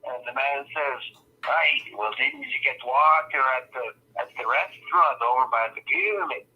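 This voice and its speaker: A man playing an older Scottish uncle with a put-on Scottish accent, telling long jokes slowly and saying "aye" at every turn. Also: medium pitch, expressive, breathy edge, lo-fi sound. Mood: rambling. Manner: says "aye" constantly, slow rambling joke teller. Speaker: trivia guest. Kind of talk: improvised comedy character.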